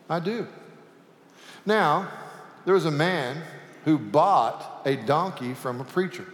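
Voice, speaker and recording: A man preaching in an unhurried, measured delivery with a slightly high voice. He tells stories in a folksy way, sprinkled with jokes. His voice rings through a large sanctuary with a long reverb. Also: fairly bright tone. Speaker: pastor. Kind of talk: sermon. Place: church sanctuary.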